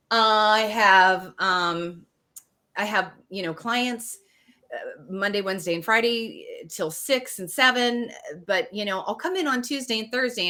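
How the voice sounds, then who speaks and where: A woman in her forties co-hosting a podcast, telling a story in a casual, animated way, full of fillers and restarts. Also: fairly low pitch. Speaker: podcast co-host. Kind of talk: casual chat.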